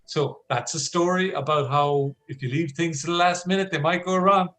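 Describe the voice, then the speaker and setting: A man who coaches storytelling, talking on a video call. He is an animated storyteller who acts out scenes and often restarts his sentences. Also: a little high, normal speed, low-quality recording. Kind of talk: conversational talk on a video call.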